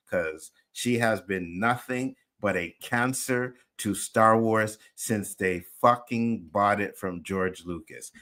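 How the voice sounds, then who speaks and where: A man's voice: on the low side, bright, forceful tone. A man co-hosting a livestream show, ranting casually and swearing constantly in heated outbursts. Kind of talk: casual profane rant.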